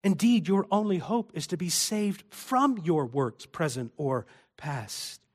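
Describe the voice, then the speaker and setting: A male pastor delivers a sermon in a church, his voice sitting a little higher than most men's. He drops into hushed, intimate stretches, then rises to loud, impassioned appeals. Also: very animated, slow pace.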